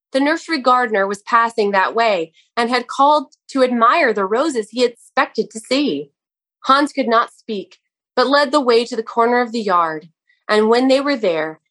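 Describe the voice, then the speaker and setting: Woman narrating a storybook. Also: medium pitch. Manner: measured, expressive reading with small slips. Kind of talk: audiobook narration.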